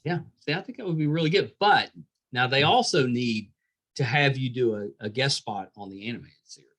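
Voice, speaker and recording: A man's voice: mid-range voice, fairly quick, a bit bright. A middle-aged man hosting a podcast interview, easygoing and jokey in casual chat. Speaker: podcast host.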